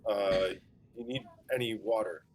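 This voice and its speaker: A man playing a tabletop game, talking with the other players in a measured way. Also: fairly low pitch, steady tone, noisy background. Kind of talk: casual chat at a tabletop game.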